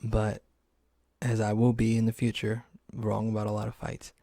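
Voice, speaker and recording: A young man with a gravelly, creaky voice hosts a casual solo sports talk show, rambling through his picks with loose swearing and self-mockery. His voice is recorded close and dry, with no room sound behind it. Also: on the low side, completely flat delivery, normal speed, mellow, dry recording. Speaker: podcast host.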